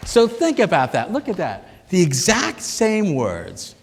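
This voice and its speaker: A middle-aged man gives a lecture to a live audience in a large hall, and his voice carries a long reverb. He speaks in a somewhat high register with a lively, swooping melody. He is engaging and animated, and he acts out the thoughts he quotes. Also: unhurried, gravelly, husky. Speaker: psychiatrist giving an expo lecture.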